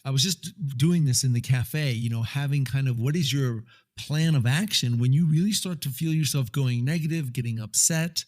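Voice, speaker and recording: A man's voice: mid-range voice, moderate pace, darkish tone. A man hosting a casual chat, upbeat and encouraging, affirming his guest.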